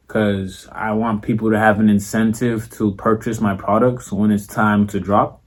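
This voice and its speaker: A young man with a Florida accent, talking casually and profanely to camera as a content creator, full of slang and filler tags. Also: fairly low pitch. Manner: slangy and profane, repeats "you feel me".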